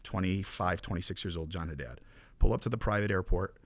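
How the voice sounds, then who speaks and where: A man with a low voice tells his stories at a fast clip in a casual podcast chat. He acts out what others said, then sinks to a hushed tone. The studio sound is dry and close. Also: no room sound. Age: 20s. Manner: animated storyteller, acts out quoted dialogue, drops to a hush. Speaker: mortgage broker guest. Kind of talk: casual storytelling interview.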